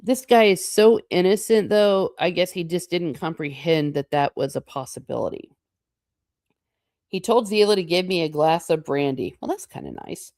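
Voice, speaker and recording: A woman's voice: fairly low pitch, normal speed, darkish tone, dry recording, studio quality. A woman reading a novel aloud and breaking off for casual, chatty comments, laughing often as she reacts to the text. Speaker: book channel host.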